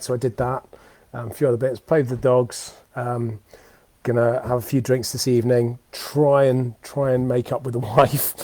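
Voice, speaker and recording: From his home, dogs nearby, a young British man gives a casual, unscripted monologue on his weekly live talk show, meandering with frequent ums and restarts. He has a mellow, medium-pitched voice and the recording is echo-free.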